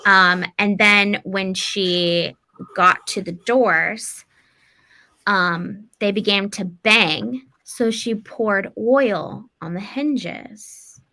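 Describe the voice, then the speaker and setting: Woman podcast host, casual folklore storyteller, bright chatty voice. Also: medium pitch, extremely slow. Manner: loose, chatty, with many fillers and swearing.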